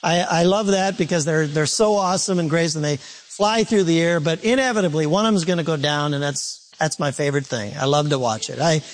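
A man preaching a sermon to a congregation in an animated, conversational way, repeating points and turning to asides. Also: a little high, fairly quick. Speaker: pastor.

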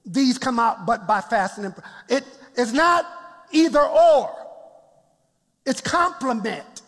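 A man's voice: very high voice, animated, takes it slowly, fairly bright tone, in a large hall. A man preaching a sermon as pastor in a church, laughing often and calling out to the congregation.

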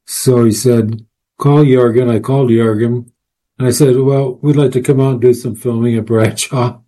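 Male guest, researcher. Relaxed, mellow tone, anecdotal, filler-heavy delivery. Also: medium pitch, normal speed. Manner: rambling, with many fillers and restarts. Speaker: guest, paranormal researcher and author. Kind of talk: casual storytelling interview.

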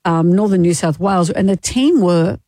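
A woman's voice: lowish voice, moderate pace, warm tone, dry recording. A woman with an Australian accent co-hosting a radio show, telling stories in casual banter and laughing easily. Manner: chatty storyteller, laughs easily. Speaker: radio co-host. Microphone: studio microphone.

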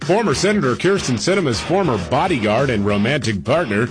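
A man co-hosting a radio talk show, going through news items in a relaxed, chatty way. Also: mid-range voice, fairly quick, music in the background.

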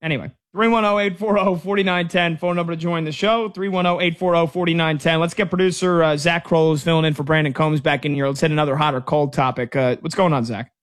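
A man's voice: fairly high pitch, steady tone, quick pace, few pauses, a bit bright. A man in his thirties hosting a sports talk radio show, chatting casually and rambling through stories with restarts. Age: 30s. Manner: rambling, storytelling with many restarts.

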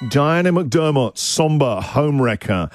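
Lively joking male radio host. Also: on the high side, slow pace, over loud music. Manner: jokey, laughing often, lively. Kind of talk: breakfast radio banter.

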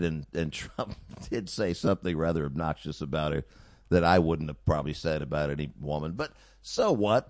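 A male radio host rants through an opinionated monologue, sarcastic and mocking. His pitch swings widely as he jabs at his targets. The studio sound is close and dry. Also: dry recording. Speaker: radio talk show host. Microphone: studio mic.

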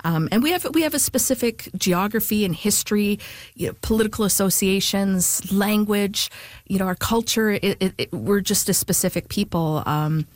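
A woman's voice: mid-range voice, normal speed, no echo. A woman author being interviewed, speaking thoughtfully with frequent fillers and restarts. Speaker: author and guest. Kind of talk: conversational interview.

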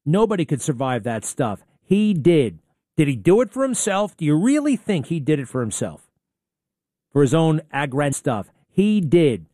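A man's voice: a little high, sing-song, normal speed, dark tone, no echo, studio quality. Combative man hosting talk radio. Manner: combative, sarcastic, rhetorical questions. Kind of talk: opinionated talk radio monologue.

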